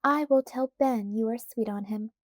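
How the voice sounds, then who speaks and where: A woman's voice: fairly high pitch, moderate pace, dry recording, clean studio sound, lightly acted. A woman voicing a bold, spirited colonial girl who speaks with confidence in a lightly raised voice. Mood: defiant.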